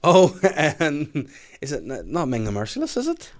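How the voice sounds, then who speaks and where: A man's voice: fairly high pitch, wildly swooping pitch, normal speed. A Northern Irish man hosting a podcast, chatting casually and teasing his guest. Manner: joking, teasing. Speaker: podcast host. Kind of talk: casual chat.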